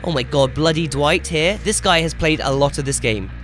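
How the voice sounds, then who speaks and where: A young man commentating his own gameplay as he plays, excitable and swearing loudly whenever things go wrong. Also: a little high, normal speed, soft background music. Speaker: gaming YouTuber.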